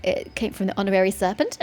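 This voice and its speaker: Her voice is medium-pitched with a darkish tone, and she has a sore throat as she plays. This woman's let's-play commentary is chatty and sarcastic, teasing the characters, while faint game music runs in the background.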